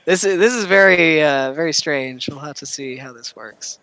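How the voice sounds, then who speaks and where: A man narrating a tabletop game as game master, casual and halting with many fillers. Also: a little high, crowd noise.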